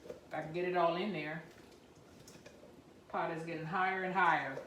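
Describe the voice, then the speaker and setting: A woman chatting her way through a home cooking vlog, rambling and laughing, with loud whoops now and then. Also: fairly low pitch, steady tone, moderate pace, echoey room, slight background noise. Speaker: home cook and vlogger. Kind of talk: casual cooking vlog chat. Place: home kitchen.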